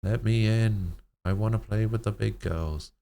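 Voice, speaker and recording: A man's voice: lowish voice, measured pace, vocal fry, dark tone, voice pushed up. A man voicing a frightened, dying little girl who clings to her family and pleads tearfully. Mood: pleading.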